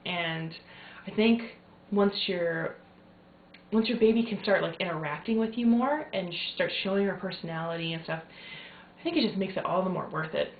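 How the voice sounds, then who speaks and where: A woman's voice: on the low side, slight background noise. A young woman, a new mother, chatting casually to camera in a rambling way with many fillers. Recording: tinny lo-fi phone-like sound in echoey room.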